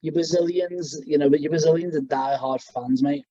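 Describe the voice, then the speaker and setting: A man's voice: fairly high pitch, steady tone, moderate pace, dark tone, no echo, lo-fi sound. A young man co-hosting a podcast, chatting casually and rambling with restarts. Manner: rambling, full of fillers and restarts. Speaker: podcast co-host. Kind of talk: casual chat.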